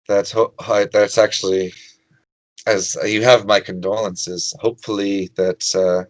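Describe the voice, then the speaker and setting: A gracious lizardfolk queen, formal and hesitant, as a man puts her on in a tabletop game. The voice sits fairly low. It is recorded close and dry. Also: little pitch movement, no room sound, natural voice, low-quality recording. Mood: courteous. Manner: formal, halting, polite. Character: courteous female lizardfolk queen, gentle and hesitant. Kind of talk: tabletop role-play.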